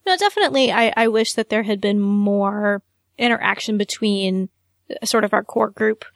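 A woman's voice: medium pitch, moderate pace, creaky, no room sound, clean studio sound. A woman co-hosting a podcast in casual chat, thoughtful and careful, hedging as she talks. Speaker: podcast co-host.

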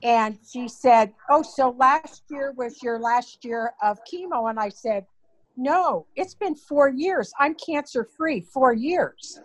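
A woman's voice: high voice, lively intonation, poor audio. An older woman, the host's mother, earnestly recounting a personal story in an emotional way. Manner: earnest, slow, emotional retelling. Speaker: guest, mother of the host.

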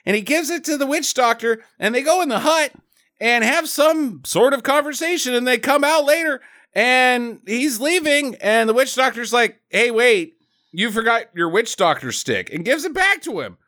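A man's voice: very high voice, lively intonation, moderate pace, sharp tone. A man casually recapping a movie plot with a co-host, swearing freely and laughing often. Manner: profane, laughing, joking. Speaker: podcast host.

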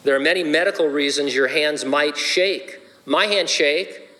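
A man's voice: fairly high pitch, a little slow, pushed and bright. A man, a pastor, preaching a sermon with playful, joking asides. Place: church sanctuary. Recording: long hall reverb.

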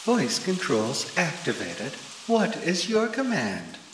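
A man puts on the slow, clipped computer voice of an armored van, its pitch sliding widely between words. It sounds recorded in a roomy space with clear noise underneath. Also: exaggerated voice. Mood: robotic. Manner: flat, clipped machine announcements.

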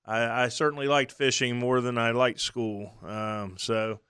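Bright, clear-voiced man reminiscing. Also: medium pitch, steady tone, measured pace, no room sound, studio quality. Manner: easygoing, many fillers and restarts. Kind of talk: casual chat.

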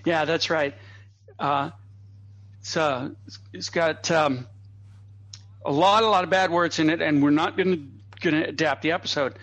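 A man telling a long anecdote as a guest on a podcast, a lively raconteur who drops in asides and chuckles. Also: fairly high pitch, normal speed, pauses often. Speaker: guest comedy writer. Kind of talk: anecdotal storytelling in a podcast interview. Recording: dull, slightly lo-fi dry audio.

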